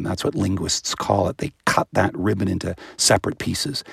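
A man answering interview questions as an expert, explaining with animation and breaking into high-pitched imitations of baby sounds. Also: creaky, breathy edge, no echo, clean studio sound. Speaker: guest expert on voice and language.

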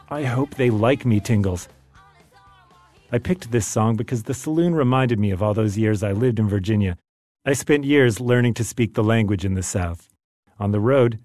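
A man's voice: lowish voice, darkish tone, no echo, studio quality. A man reading aloud from his own memoir in a wry, self-deprecating storytelling manner.

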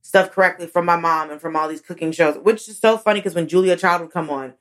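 A woman comedian chatting casually as a guest, an animated storyteller whose voice swoops high when she acts out moments. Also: fast talker. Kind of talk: casual interview chat.

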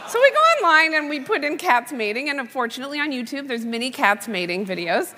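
A woman's voice: high-pitched, fast, hardly any pauses, slight background noise. A woman comedian telling a funny story on stage and acting out the dialogue. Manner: animated, acts out dialogue. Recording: hall reverb from a live talk.

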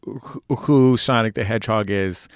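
A man interviewing a guest for radio, asking measured, thoughtful questions. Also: on the low side, smooth, no echo, studio quality.

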